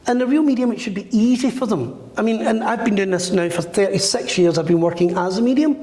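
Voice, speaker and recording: Speaking fast in a high-pitched voice, this man is a psychic medium guesting on a podcast interview. He tells stories with lively energy, acting out each character's voice, and the recording is roomy with a lingering reverb.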